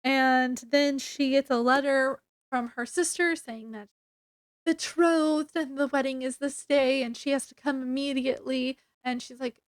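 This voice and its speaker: Woman book reviewer, high voice, unhurried, chatty with fillers, dry close sound. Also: steady tone, no echo. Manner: chatty, many fillers, acts out quotes. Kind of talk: casual book review retelling.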